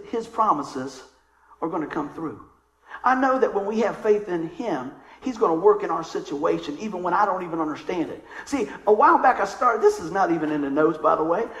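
A man's voice: sits high, a bit bright, roomy sound, rough recording. A male pastor preaching a sermon in a conversational way, calling out to his congregation. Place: church sanctuary.

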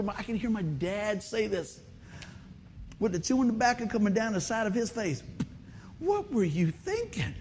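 A middle-aged man preaching a comic storytelling sermon, animated and laughing, with bursts of shouted exclamations. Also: high voice, slight background noise. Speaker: pastor.

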